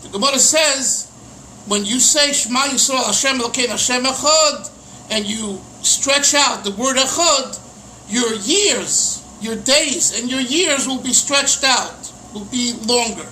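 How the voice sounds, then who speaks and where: A middle-aged rabbi teaching a text in a relaxed, conversational way, acting out the questions as he explains. His voice sits very high and sounds piercingly bright. A faint hiss of noise runs underneath. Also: measured pace, low-quality recording. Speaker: rabbi teaching Chassidic texts. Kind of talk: casual Torah lesson.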